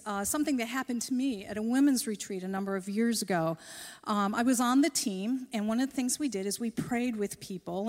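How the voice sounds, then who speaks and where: A woman's voice: a little high, long reverb tail. A woman speaker at a church, giving a sermon that weaves in a personal story with self-deprecating humor.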